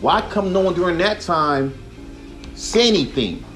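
A young man hosts a solo podcast and vents in a heated, profane rant, sometimes mocking others in put-on voices. His voice sits a little on the high side. Faint music plays softly behind him. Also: expressive, measured pace. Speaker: podcast host.

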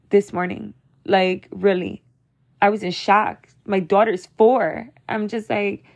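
A woman's voice: mid-range voice, creaky, a little mellow. A young woman talking to her viewers as a mother, venting in a casual, rambling, emotional way, full of "like" and "you know.". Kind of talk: casual confessional monologue.

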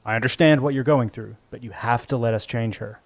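A man's voice: mid-range voice, fairly quick, lightly acted. A man voicing a stern doctor in his fifties who speaks firmly. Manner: stern, firm.

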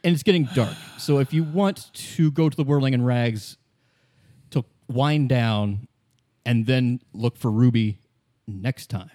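A man's voice: mid-range voice, a little slow, no echo. A man running a tabletop role-playing game, describing scenes in an easygoing way. His voice sits in a middle register. The sound is dry and close. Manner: relaxed, descriptive, occasional restarts. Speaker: game master.

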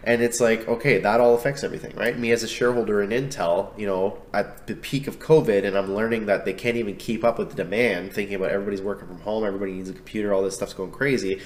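A man, co-hosting a podcast, telling lively stories in casual chat and acting out what friends said. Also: on the low side, fast, few pauses. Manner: lively storyteller, acts out friends' lines. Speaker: podcast co-host.

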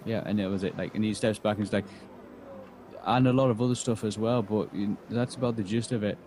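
A man's voice: fairly low pitch, fairly even intonation, a little fast, darkish tone, a little hiss or hum, poor audio. A man, game master telling an in-character story in a rambling way, acting out quoted lines. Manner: rambling, full of restarts and acted-out quotes.

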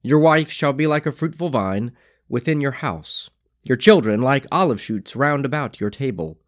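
A man reads scripture slowly, pausing after each phrase in a liturgical cadence. His voice sits in an ordinary middle range. The sound is dry and close, with no room around it. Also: mid-range voice, lively intonation, dry recording. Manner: slow, phrase-by-phrase liturgical delivery. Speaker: scripture reader. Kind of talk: measured scripture reading.

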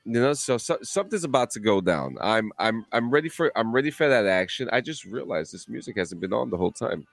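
A man in casual chat, telling a lively story full of swearing and acted-out voices. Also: lowish voice, fairly quick, vocal fry, hardly any pauses, dry recording. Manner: animated storyteller, swears a lot, acts out voices.

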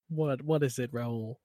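A man's voice: mid-range voice, mellow, no room sound, clean studio sound. A man co-hosting a podcast, chatting casually, giggling often and trailing off mid-thought. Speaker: podcast co-host. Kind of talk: casual chat.

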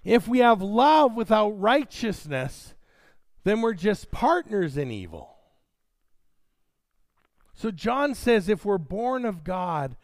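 A man's voice: high voice, dry recording. A man preaching a sermon, reading scripture dramatically and addressing his congregation directly.

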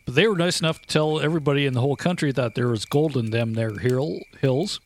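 A man's voice: mid-range voice, fast talker. A man co-hosting a podcast, telling history in a laid-back, profane way with lots of filler. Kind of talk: casual profane history chat.

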